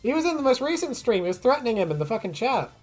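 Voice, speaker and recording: A woman's voice: fairly high pitch, very animated, racing, a little mellow, soft background music. A woman streaming her art, chatting casually, swearing freely and laughing a lot as she rambles through stories. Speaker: artist streamer.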